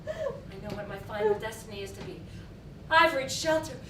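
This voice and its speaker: An actress on stage playing a bitter, scheming maid, theatrical and mocking. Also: female voice, on the high side, sing-song, brisk, vocal fry, fairly bright tone, heavily acted. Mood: grandiose. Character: Solange, a bitter scheming maid, adult woman. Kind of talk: stage acting. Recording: echoey stage from far off, light noise.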